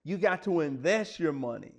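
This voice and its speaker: Man in his forties, slightly high voice, earnest motivational storyteller, plain-spoken. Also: animated, normal speed. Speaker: speaker sharing personal stories.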